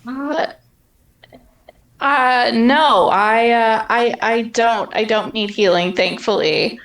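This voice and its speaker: A woman's voice: on the high side, takes it slowly, a bit bright, rough recording. A woman voicing a modest, shy female adventurer who stammers and hesitates. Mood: bashful.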